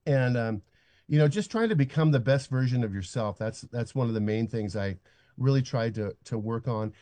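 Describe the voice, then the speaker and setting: A man's voice: medium pitch, expressive, moderate pace, dark tone, no echo. An older man, a guest on a radio interview, speaking in an earnest, reflective, stop-start way.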